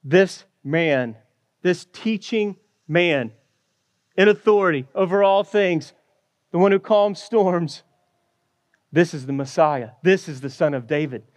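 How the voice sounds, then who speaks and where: A man's voice: a little high, takes it slowly, long pauses, no room sound. A man preaching a sermon in an earnest storytelling manner. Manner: earnest, storytelling with acted quotes. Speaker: pastor.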